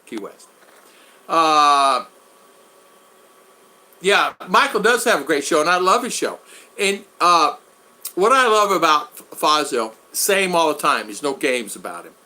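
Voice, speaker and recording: A man hosting a casual live stream, rambling and thanking his viewers one by one, his voice going hoarse after hours of talking. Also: fairly high pitch, very animated, a little slow, pushed and bright.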